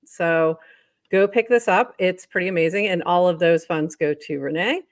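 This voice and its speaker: A woman's voice: on the low side, normal speed, no room sound, studio quality. Upbeat woman hosting a live stream. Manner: upbeat, laughs often, reads news items. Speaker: co-host. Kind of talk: casual livestream chat.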